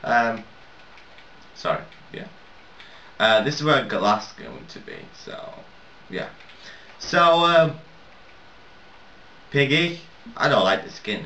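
A man's voice: fairly low pitch, sing-song, slow, long pauses, bright, forceful tone, a little hiss or hum. A man giving casual let's-play commentary while building, rambling, self-mocking and swearing a lot. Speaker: gaming video maker. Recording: roomy, distant, dull, lo-fi mic.

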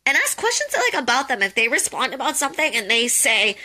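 A woman's voice: high voice, big pitch swings, brisk, pushed and bright. A young woman giving casual advice on a live call, chatty and jokey, full of "um" and "like". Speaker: host of a social media tips call.

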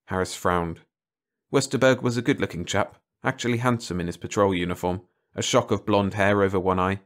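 Low-voiced man reading a story. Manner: measured, steady storytelling. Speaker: audiobook narrator. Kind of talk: scripted narration.

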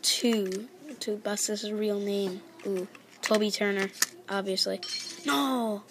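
A woman giving chatty, excitable let's-play commentary in a library, sometimes dropping to a whisper. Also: mid-range voice, takes it slowly, noisy background. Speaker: gaming video host. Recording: loud keyboard clatter in background. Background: keyboard typing and clicks.

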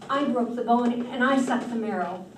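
A woman's voice: fairly high pitch, normal speed, background noise, lightly acted. A woman voicing an honest young farm boy, earnest and a touch pleading. Heard from a distance with a roomy echo. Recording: roomy distant hall mic.

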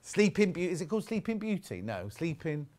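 A man's voice: fairly high pitch, very animated, a little fast, darkish tone. An English man presenting live on a shopping channel, chatting away and reading viewer messages aloud. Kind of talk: live sales chat. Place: TV studio.

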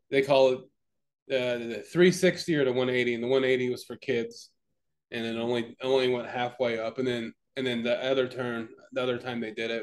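A young man co-hosting a podcast, telling a story in casual chat with many fillers, restarts and swearing. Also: medium pitch. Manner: rambling, profane, lots of fillers and restarts. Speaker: podcast co-host.

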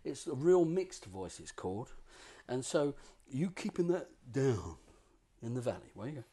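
A man giving a playful voice lesson as a voice coach, swooping between low talk and high vocal demonstrations. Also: sing-song, moderate pace, mellow, breathy edge.

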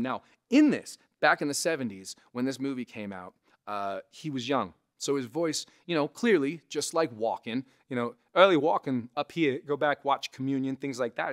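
A man with a resonant voice, a comedian casually teaching impressions to camera, animated and conversational. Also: mid-range voice, moderate pace. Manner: animated, conversational, frequent "right?" asides. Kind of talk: casual instructional talk to camera.

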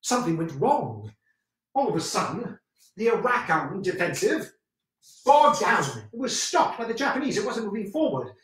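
In a one-man stage show, a man plays a zealous, excitable British WWII general who drives his points home by repeating them. The fairly high voice moves at a moderate pace, and this theatrical monologue is picked up by a distant mic in a roomy space.

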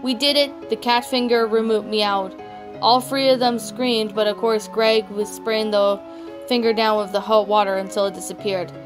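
A woman's voice: mid-range voice, level tone, normal speed. A woman reading a fan fiction story aloud, often stumbling and restarting words. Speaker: story narrator. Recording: background music throughout.

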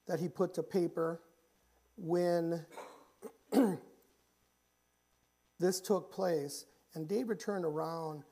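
A man preaching a church sermon, often repeating and restarting phrases and rising in pitch and volume when he reaches the pleading passages. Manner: grows louder and higher when pleading passages. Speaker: pastor. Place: church sanctuary.

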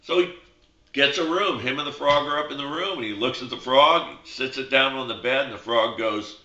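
A man's voice: a little high, expressive, measured pace, pushed and bright. A man hosting a casual show, chatting and telling a joke with fillers and jokey asides. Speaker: host. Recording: roomy, dull lo-fi sound.

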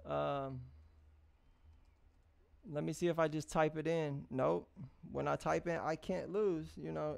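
A man with a high-pitched voice hosts a live music review stream, chatting casually with his audience. He talks in a loose, encouraging way, full of slang, restarts and hummed pauses. The sound is dry and close. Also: vocal fry, a little mellow, dry recording. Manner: loose, repetitive, restarts and drawn-out hums; encouraging, street-casual address to viewers. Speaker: livestream music review host.

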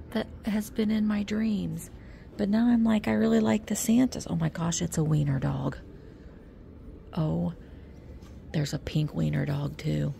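A woman's voice: lowish voice, level tone, a little slow, gravelly, long pauses, warm tone, a little hiss or hum. A woman with an American Midwestern accent vlogging as she shops an antique mall, gushing over finds and often dropping to a whisper. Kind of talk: casual shopping vlog commentary.

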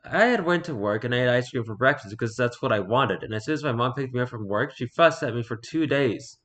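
A man reading online stories aloud in a casual, halting way, stumbling over words and breaking off to comment. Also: medium pitch, expressive, a bit bright. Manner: reads haltingly, stumbles and repeats words, then comments offhand.

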